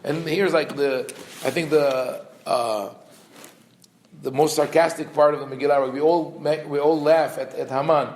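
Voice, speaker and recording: Middle-aged male rabbi, slightly high voice, teaching a scripture class with dry humor and lots of ums; chants verses fast. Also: fairly even intonation, darkish tone, slight background noise. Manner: explains with dry humor and frequent fillers; reads verses quickly in a chant. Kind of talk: Torah class lecture.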